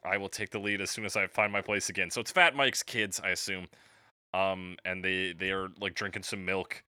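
Man, podcast co-host, casual chat, hesitant fillers, slightly low voice, dry close sound. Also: fairly even intonation, normal speed, pushed and bright, dry recording. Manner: laid-back, hesitant, with fillers. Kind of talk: casual chat about music.

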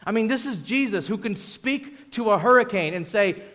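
Male pastor, casual preaching voice, acts out quotes; high-pitched, big reverberant hall. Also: lively intonation, moderate pace, fairly bright tone. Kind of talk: sermon.

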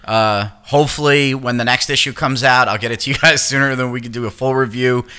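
Bright-voiced man in casual podcast chat. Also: mid-range voice, steady tone, brisk, clear, resonant tone. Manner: rambling, laughs often, swears freely. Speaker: podcast co-host.

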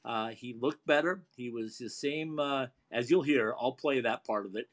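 A man's voice: mid-range voice, moderate pace. Rambling male sports radio host. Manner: rambling, filler-heavy, chuckling. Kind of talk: casual sports radio chat.

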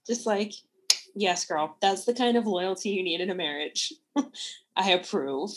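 A woman co-hosting a casual book-talk show, enthusiastic and quick to laugh as she gives her opinions. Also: mid-range voice. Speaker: podcast co-host.

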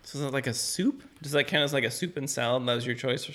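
A man's voice: medium pitch, fast talker, bright, forceful tone. A man hosting a casual podcast, upbeat and steering the talk between segments. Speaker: podcast host. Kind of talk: casual chat.

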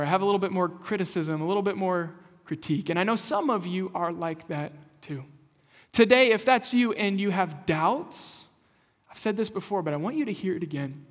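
This young adult pastor has a high-pitched, somewhat bright voice. Preaching in a church sanctuary captured with long hall reverb, he starts with conversational storytelling and builds to earnest exhortation.

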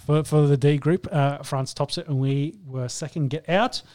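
A man's voice: a little high, steady tone, moderate pace, darkish tone. An Australian man co-hosting a casual sports chat, chiming in with brief remarks.

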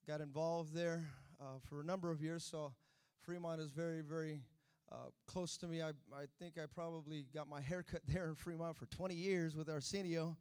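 High-voiced preacher, building to loud emphasis. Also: male voice, clear, resonant tone, no room sound, clean studio sound. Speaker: pastor. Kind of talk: sermon.

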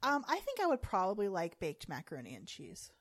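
A woman's voice: medium pitch, wildly swooping pitch, a little fast, no room sound. Chatty woman with dry close sound. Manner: chatty, laughs often, tells rambling anecdotes. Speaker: podcast co-host. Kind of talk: casual chat.

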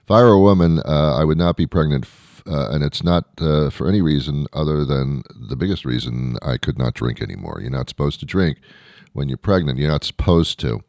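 Very deep-voiced rambling male podcast host. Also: expressive, fairly quick, vocal fry, darkish tone, no echo, studio quality. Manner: meandering, self-deprecating, lots of fillers and restarts. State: out of breath. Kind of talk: rambling comedic monologue.

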